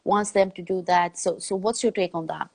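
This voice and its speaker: A woman's voice: on the low side, steady tone, normal speed. A woman in her thirties hosting a podcast interview, talking casually and with feeling, often restarting her sentences and laughing. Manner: warm, chatty, laughs often, many restarts. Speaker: podcast host.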